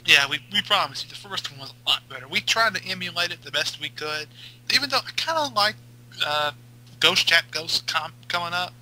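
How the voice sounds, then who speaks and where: Male podcast co-host, fairly high and very bright voice, jokey, rambling, quick asides. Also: lively intonation, slight background noise, low-quality recording. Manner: joking, rambling, rushes through asides. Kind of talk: casual podcast chat.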